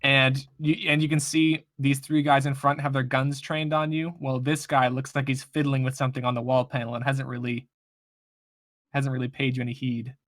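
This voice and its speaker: A man's voice: mid-range voice, level tone, normal speed, fairly bright tone, no echo, studio quality. Casual man running a tabletop game. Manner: casual, loose narration with fillers. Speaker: game master.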